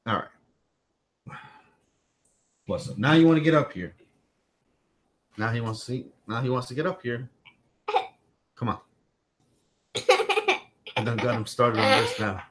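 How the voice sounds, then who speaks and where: A man's voice: mid-range voice, wildly swooping pitch, a little slow, pauses often, a bit bright. A man hosting a tech livestream from home in a loose, rambling way. He repeats himself and breaks off to talk to his small son. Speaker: tech channel host. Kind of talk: casual livestream chat.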